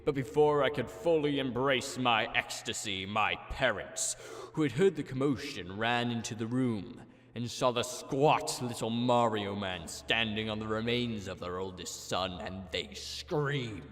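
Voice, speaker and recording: A man narrating a mock-dramatic comic story in a slow, theatrical, overblown way. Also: mid-range voice, fairly bright tone. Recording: echoey, music behind.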